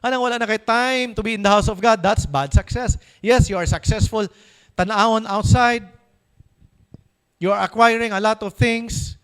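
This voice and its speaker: High-voiced Filipino pastor preaching. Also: male voice, a bit bright, clear, resonant tone, poor audio. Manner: emphatic, poses questions to the congregation; slows down to read scripture aloud deliberately. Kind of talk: sermon.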